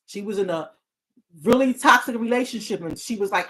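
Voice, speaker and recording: A woman's voice: mid-range voice, brisk, bright, forceful tone. Earnest woman therapist hosting a talk show. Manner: earnest, repetitive restarts, bursts of laughter. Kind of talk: casual heartfelt talk.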